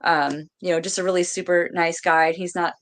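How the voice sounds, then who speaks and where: A woman's voice: on the low side, flat delivery, normal speed. A woman co-hosting a podcast, chatting casually and easily, with lots of "like" fillers. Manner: chatty, says "like" a lot, easygoing. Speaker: podcast co-host. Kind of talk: casual chat.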